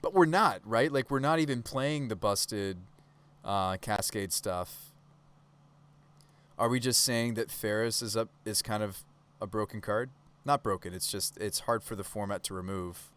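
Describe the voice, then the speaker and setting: Male streamer, fairly low voice, loose live-stream commentary, keeps quizzing his chat. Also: unhurried, a bit bright. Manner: casual, chatty, talks to chat with rhetorical questions.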